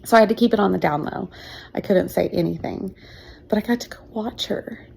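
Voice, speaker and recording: Gravelly-voiced woman telling a personal story. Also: medium pitch, fairly quick, a little mellow, a little hiss or hum. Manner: emotional, chatty, frequent fillers and laughs. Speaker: teacher telling her adoption story.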